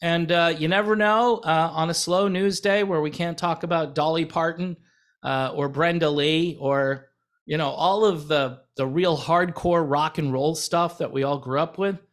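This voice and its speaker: An American channel host narrates a casual commentary vlog in a slightly high, steady voice at a measured pace. He rambles between points with heavy sarcasm and lots of "uh" and "you know."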